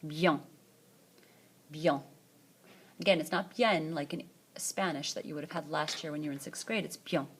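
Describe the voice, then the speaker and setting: A woman with a slightly low voice teaches a French lesson in a screencast. She pronounces each word carefully and says it twice so students can copy her. Her delivery is patient and instructional. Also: fairly even intonation, slight background noise. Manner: slow, repeats words twice for the learner. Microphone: tablet screencast.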